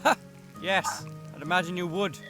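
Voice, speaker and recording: A man's voice: sits high, normal speed, music in the background, lightly acted. An actor playing a smug male thug in a fantasy game, making cold, mocking threats. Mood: menacing. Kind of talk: game character dialogue.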